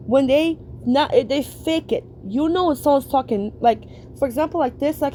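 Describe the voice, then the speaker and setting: A woman streamer giving a blunt, profane reaction rant, preaching in slow, drawn-out emphatic phrases. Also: high voice, dark tone, slight background noise.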